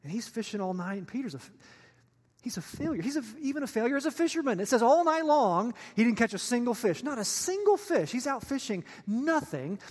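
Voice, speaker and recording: A man's voice: extremely high pitch, big pitch swings, a little fast, a little mellow. A male pastor preaching a sermon in a chatty, joking way, often putting questions to his listeners. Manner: conversational and joking, asks the audience questions. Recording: long reverb of a large hall.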